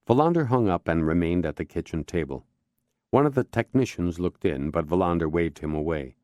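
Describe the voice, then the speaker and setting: A man giving measured, expressive scripted narration of a crime novel audiobook. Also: deep voice, no room sound, studio quality.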